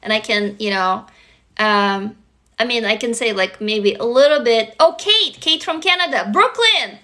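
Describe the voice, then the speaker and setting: Excitable woman, high bright voice. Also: unhurried. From Russia. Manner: excitable, gushing, swears casually. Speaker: livestream host. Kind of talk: casual livestream chat with viewers.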